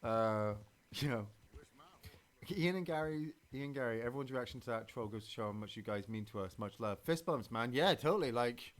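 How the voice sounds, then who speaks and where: Male streamer, mid-pitched, chatty, rambling commentary over a game. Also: expressive, brisk, few pauses. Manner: rambling and chatty, with many fillers and restarts. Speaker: streamer and podcast host. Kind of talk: casual gameplay commentary.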